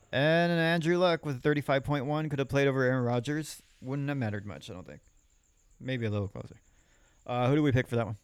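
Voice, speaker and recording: Smooth-voiced man reading fantasy scores. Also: mid-range voice, a little mellow, no room sound. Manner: reads scores in quick list form. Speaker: podcast co-host. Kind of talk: casual fantasy football recap.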